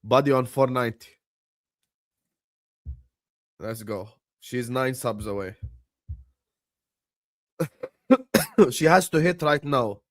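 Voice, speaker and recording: A man hosting a football watchalong livestream, excitedly chanting and urging viewers to subscribe. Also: medium pitch, takes it slowly, long pauses, no room sound, studio quality. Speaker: livestream host. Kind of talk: hyped watchalong livestream chat.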